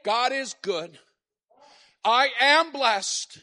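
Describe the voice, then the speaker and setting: A male pastor preaching a sermon in church, dropping to quiet talk and rising to shouted call-and-response. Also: high-pitched, very animated, slow.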